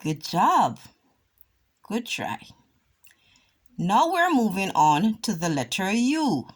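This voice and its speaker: A woman teaching a children's phonics lesson, drawing out vowel sounds slowly and deliberately. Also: mid-range voice, very animated. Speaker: reading teacher.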